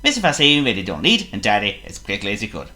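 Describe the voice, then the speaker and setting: Lively, bright-toned male storyteller. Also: on the low side, quick pace, soft background music. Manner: lively, expressive, theatrical. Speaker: narrator. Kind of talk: children's storybook reading.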